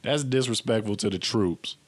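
A man hosting a podcast in a mocking, incredulous comedic rant, laughing often and jumping up high on repeated exclamations. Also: moderate pace. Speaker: podcast host. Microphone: camera and mic at home.

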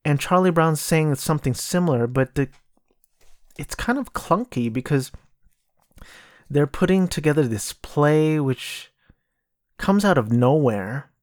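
A man's voice: a little high, animated, measured pace, long pauses, dry recording, studio quality. A man hosting a casual solo podcast, rambling and correcting himself as he talks. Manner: rambling, self-correcting, mocking impressions. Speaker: podcast host.

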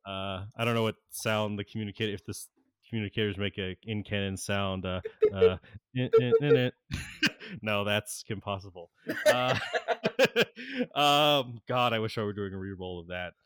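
A man running a tabletop game as game master, narrating in an unhurried way with lots of fillers and frequent laughs. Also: lowish voice, big pitch swings, a bit bright, clear, resonant tone, no echo, clean studio sound.

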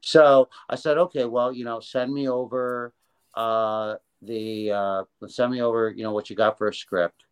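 Older man telling an animated story. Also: mid-range voice, measured pace, clear, resonant tone, rough recording. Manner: animated, does voices, many restarts. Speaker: interview guest, illustrator. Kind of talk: casual storytelling.

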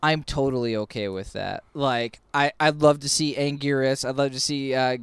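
A man's voice: mid-range voice, fairly even intonation, moderate pace, clear, resonant tone, dry recording. A man co-hosting a casual podcast, rambling with many restarts and swearing. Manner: rambling, hesitant, profane. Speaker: podcast co-host. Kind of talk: casual chat.

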